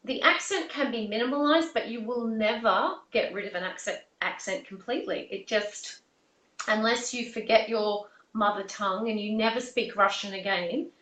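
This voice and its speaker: A woman's voice: mid-range voice, normal speed, a bit bright. A woman with an Australian accent, a vocal coach, earnestly explaining points with spoken examples in an interview. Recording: roomy echo, mic at a distance.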